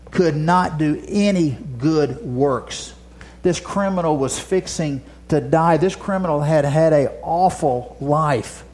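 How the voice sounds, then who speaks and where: A preacher man delivers a sermon with a slightly high voice. He tells his stories with drama, rising to loud passages and sinking to a near whisper.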